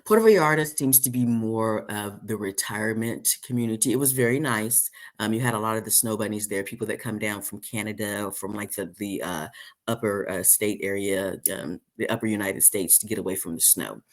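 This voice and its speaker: A man hosting a casual live-stream chat, rambling with many fillers and restarts, and jumping high when he mimics people. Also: fairly quick. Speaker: host.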